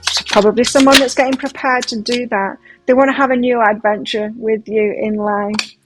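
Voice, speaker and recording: A woman's voice: on the high side, steady tone, normal speed, rough recording. A woman giving a pick-a-card tarot reading in a gushing, emotive, chatty way. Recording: faint music behind. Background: soft background music.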